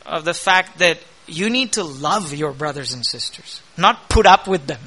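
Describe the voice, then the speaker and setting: Male pastor, middle-aged, high voice, bright tone, energetic preaching. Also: moderate pace. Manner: energetic preaching with rising emphasis and quoted scripture. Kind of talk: sermon.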